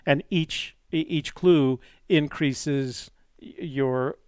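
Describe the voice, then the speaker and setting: A man's voice: a little high, very slow, a little mellow, clear, resonant tone, dry recording, clean studio sound. A man hosting a live-streamed call-in show, talking in a chatty, rambling way with many fillers. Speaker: host.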